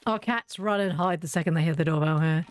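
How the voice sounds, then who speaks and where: A low-voiced woman talks fast while playing a video game, hosting a casual gameplay chat in a dry recording. She rambles through stories and giggles often.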